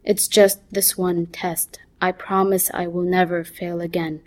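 A woman voicing a sullen teenage boy who answers in a flat, bored tone. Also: lowish voice, unhurried, natural voice.

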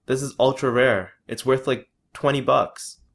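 A man's voice: medium pitch, fairly even intonation, measured pace, gravelly, a bit bright, pitched above the performer's own voice. A man voicing a boastful boy who guards his rare trading cards, talking in a casual, slangy way. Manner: possessive, casual slangy kid talk.

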